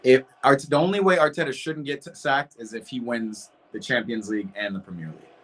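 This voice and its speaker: A man's voice: mid-range voice, fairly quick. Chatty young man reacting to football. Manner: animated, chatty, reacting to the match and chat. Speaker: host of a match watch party stream. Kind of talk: casual live reaction chat.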